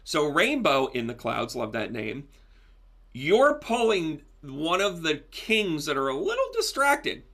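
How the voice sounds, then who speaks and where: A man giving a live tarot reading, talking with viewers in a chatty, animated, joking way. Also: a little high. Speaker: psychic medium and tarot reader.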